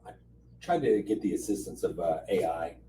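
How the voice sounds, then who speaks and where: A deep, expressive male voice in casual podcast chat, hesitant and full of fillers. He sits far from the mic in a roomy space with clear background noise. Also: normal speed. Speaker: podcast co-host.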